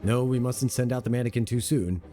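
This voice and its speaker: A man's voice: medium pitch, fairly quick, dark tone, faint music behind, lightly acted. A man reading aloud the lines of a plain-spoken male adventurer companion from a video game, in his own everyday voice. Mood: matter-of-fact.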